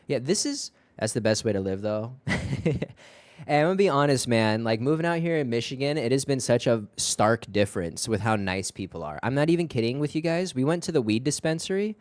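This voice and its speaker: A man streaming from home, chatting casually with viewers in a rambling, profane, animated way. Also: medium pitch, a little fast, no room sound.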